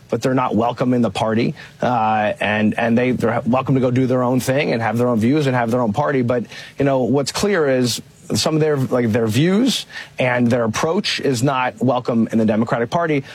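Slightly husky man stating talking points. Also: medium pitch. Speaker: politician in a played clip. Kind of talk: spoken interview statement.

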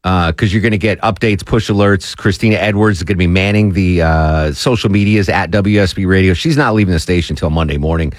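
Deep-voiced man hosting radio. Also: fairly quick, few pauses, dry recording, clean studio sound. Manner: jokey, reads promos with pitch swings. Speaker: radio show host. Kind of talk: casual morning radio chat. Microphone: studio microphone.

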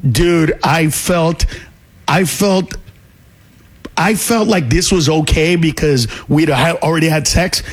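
A male comedian telling a story in casual chat, animated and laughing as he goes. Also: on the high side, takes it slowly, slightly rough. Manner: animated, loud punchlines, laughs mid-story. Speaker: comedian guest.

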